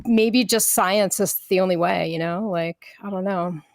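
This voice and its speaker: A woman's voice: lowish voice, normal speed, no echo, studio quality. A woman in a casual voice-call chat, speaking earnestly with some hesitation.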